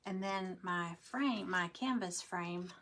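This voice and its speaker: A woman's voice: on the low side, takes it slowly, a bit bright, a little hiss or hum. A woman chatting casually to viewers while she demonstrates a craft project. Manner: chatty, rambling, talks to viewers. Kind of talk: casual craft demo livestream.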